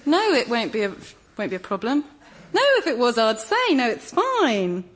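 Middle-aged woman, slightly high and very lively in pitch; a talkative, over-careful friend who sounds wordy and formal. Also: normal speed. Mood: flustered. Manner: talkative, formal phrasing, nervous laughs. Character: earnest, chatty, wordy woman, over-careful with her words. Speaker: sitcom character looking after a friend's teenage son. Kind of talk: scripted sitcom acting.

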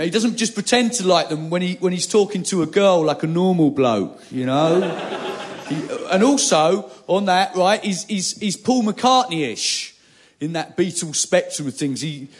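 A man doing a stand-up monologue in a blustering, deadpan rant. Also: on the high side, a little hiss or hum. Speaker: stand-up comedian.

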